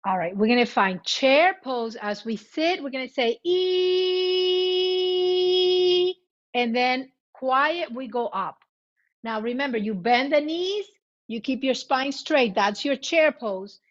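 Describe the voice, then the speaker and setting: A woman guiding a chair yoga class, giving cues in both English and Spanish and demonstrating loud vocal sounds. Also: fairly high pitch, lively intonation, a little slow. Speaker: yoga instructor. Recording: muffled lo-fi recording.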